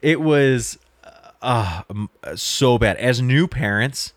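A man's voice: medium pitch, slow, dry recording. A young man, a podcast co-host, telling a long story in casual chat, quoting people and swearing freely. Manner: storytelling with swearing and quoted dialogue.

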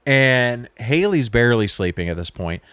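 A man's voice: medium pitch, animated, normal speed, fairly bright tone, smooth, dry recording. A young man, a podcast co-host, telling a long story in casual chat, quoting people and swearing freely. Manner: storytelling with swearing and quoted dialogue.

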